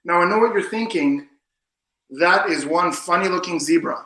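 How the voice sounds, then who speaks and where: A man's voice: high voice, normal speed, sharp tone, echoey room, rough recording. A man performing as a mentalist, showy and teasing, talking straight to the audience. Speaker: mentalist guest. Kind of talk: magic performance patter.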